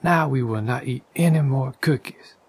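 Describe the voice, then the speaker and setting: A man voicing a sensible, patient male frog in a gentle whispered role-play storybook reading. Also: mid-range voice, moderate pace, breathy edge. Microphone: condenser microphone.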